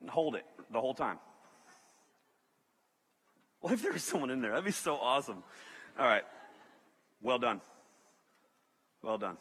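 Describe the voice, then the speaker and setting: A man preaching to students as a youth pastor, animated and joking, talking to the crowd. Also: medium pitch, measured pace, long pauses, breathy edge. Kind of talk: sermon to students. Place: large hall with audience. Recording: reverberant hall.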